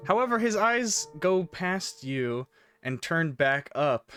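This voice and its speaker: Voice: mid-range voice, big pitch swings, takes it slowly, fairly bright tone, faint music behind. A game master narrating a tabletop game, laughing often and rambling with fillers.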